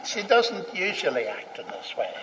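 High-voiced storytelling man in a reverberant hall. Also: normal speed, slight background noise. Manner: animated, acts out dialogue, chuckles. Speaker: speaker telling a personal story. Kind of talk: anecdotal storytelling to an audience.

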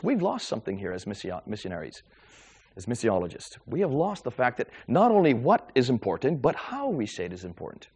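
Lively middle-aged male speaker, quick delivery with wide pitch swings; lecturer fielding questions. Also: slightly rough. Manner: animated, lively storytelling with quick repetitions. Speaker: Christian speaker taking audience questions. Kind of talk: lecture with audience Q&A.

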